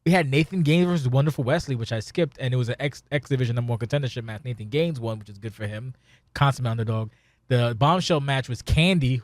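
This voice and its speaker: A man hosting a casual podcast, talking in an excitable, profane, rambling way. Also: mid-range voice, quick pace, no echo. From Spanish heritage. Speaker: podcast host.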